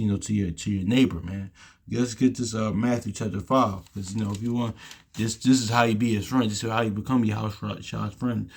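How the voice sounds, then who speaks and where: Low, gravelly man teaching scripture. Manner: halting, restarts often, ends phrases with "man". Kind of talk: casual scripture teaching with verse reading.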